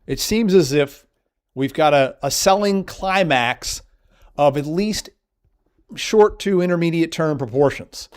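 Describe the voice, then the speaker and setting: A man's voice: fairly high pitch, expressive, a little slow, smooth. A man teaching stock market technical analysis, walking through charts and piling up vivid words for emphasis. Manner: emphatic, piles up vivid synonyms. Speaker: market educator. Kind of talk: chart walkthrough lesson.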